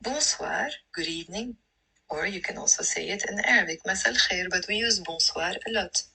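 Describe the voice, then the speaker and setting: Bright, husky Lebanese woman teaching phrases. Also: lowish voice, poor audio. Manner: clear, measured repetition of phrases. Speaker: language teacher. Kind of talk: scripted phrase lesson.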